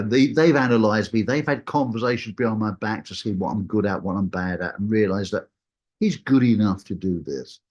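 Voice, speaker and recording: A man telling a personal story in a casual, animated way, acting out what people said. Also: husky. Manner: animated, acts out what people said with big jumps in pitch.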